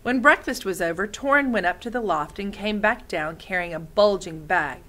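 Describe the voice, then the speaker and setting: A woman's voice: mid-range voice, moderate pace, a bit bright, low-quality recording. A woman reading a children's novel aloud in a friendly way, stopping to explain words.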